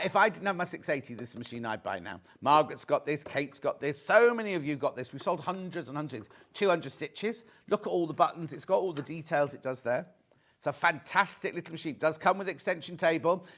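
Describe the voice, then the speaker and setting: A man's voice: on the high side, sharp tone. A man presenting a live sales show in a TV studio, chatty and jokey as he pushes deals and reads out viewer messages. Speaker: shopping channel presenter.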